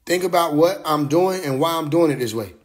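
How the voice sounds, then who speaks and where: A man's voice: on the high side, expressive, brisk. Streetwise man talking loosely on a live stream. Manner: loose, streetwise, profane, laughs often. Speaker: livestream host. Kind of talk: casual livestream monologue. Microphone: phone livestream.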